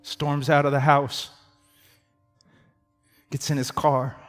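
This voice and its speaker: A man preaching a sermon with dramatic swings from loud outbursts to hushed tones. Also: on the high side, little pitch movement, slow. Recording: long reverb in a hall, faint music.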